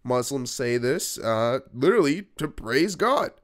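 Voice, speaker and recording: A young man tells a personal story in a casual vlog. His delivery is animated and peppered with profanity, and his pitch swings widely as the story builds. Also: measured pace. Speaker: YouTuber telling a personal story.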